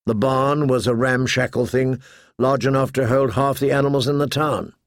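A man reading a novel aloud with measured, even delivery. His pitch sits mid-range for a man. The sound is dry and close, with no room echo. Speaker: audiobook narrator. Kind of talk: scripted narration.

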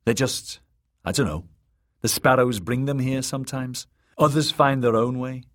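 A man's voice: medium pitch, normal speed, a bit bright, voice pushed up, close to an everyday voice. A man voicing a wary, blunt ten-year-old girl who runs an inn, read as an audiobook character. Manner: blunt, suspicious.

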